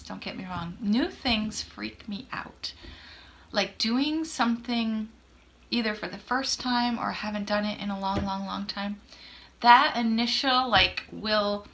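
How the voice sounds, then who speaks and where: Chatty fifty-something woman with a bright voice. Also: medium pitch. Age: 50s. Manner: chatty, self-deprecating, acts out quoted dialogue. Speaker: podcast host. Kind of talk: casual storytelling chat.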